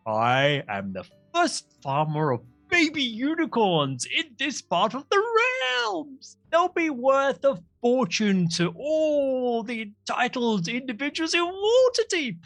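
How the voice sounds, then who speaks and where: A man's voice: huge pitch swings, takes it slowly, hardly any pauses, fairly bright tone, faint music behind, full character voice. A flamboyant old turtle farmer, fussing over his horned bunnies in a lofty, sing-song voice, as a man puts him on. He speaks in a mock island lilt that keeps sliding into a fairy-tale princess tone, soaring well above a normal man's speech and swooping all over. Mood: proudly fussy. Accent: attempted Jamaican turned Disney princess. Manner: high, sing-song, dramatic exclamations. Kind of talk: live tabletop game voice acting.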